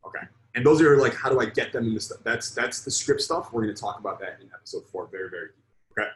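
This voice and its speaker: A man's voice: mid-range voice, lively intonation, quick pace, roomy sound, poor audio. A man coaching on sales in a live online lesson, blunt and emphatic, swearing freely.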